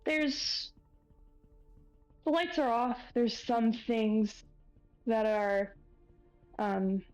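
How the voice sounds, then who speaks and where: A woman narrating as game master of a tabletop horror game, unhurried and pausing with fillers as she describes each scene. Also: fairly high pitch, a little mellow, dry recording, highs cut off, soft background music.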